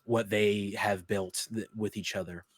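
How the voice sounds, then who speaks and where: A young man hosting a podcast, reviewing a TV episode in an excited, casual way and swearing freely. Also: on the low side, unhurried, no echo, studio quality. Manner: animated, gushing, swears freely. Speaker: podcast host.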